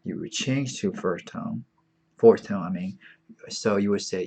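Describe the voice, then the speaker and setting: A man's voice: deep voice, creaky, darkish tone, breathy edge. A man teaching an online beginner Chinese lesson, patient and repetitive, saying each word several times. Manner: slow, patient, repeats words often.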